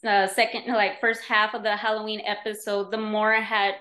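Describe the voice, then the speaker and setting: Female guest voice, conversational and animated, medium pitch, roomy sound. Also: moderate pace. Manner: animated storyteller, many fillers. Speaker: podcast guest. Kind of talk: casual conversation.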